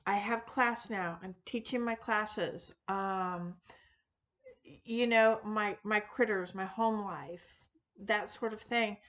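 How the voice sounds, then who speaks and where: Woman host, unscripted chat to camera, unhurried delivery, lots of ums and self-corrections. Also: medium pitch, fairly even intonation, fairly bright tone. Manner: rambling, frequent fillers and restarts, self-deprecating. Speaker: witchcraft video host; teacher of classes. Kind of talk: casual unscripted monologue.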